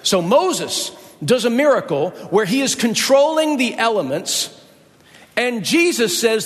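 A male pastor preaching a sermon, emphatic and rising sharply in pitch to stress points. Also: big pitch swings, unhurried, slightly rough, in a large hall.

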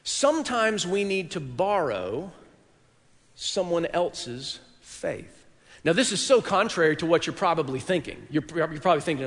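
A man preaching a sermon in a church, telling a story dramatically and swinging from hushed tones to loud peaks. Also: fairly high pitch, expressive, moderate pace, creaky, big-room sound. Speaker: pastor. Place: church worship hall.

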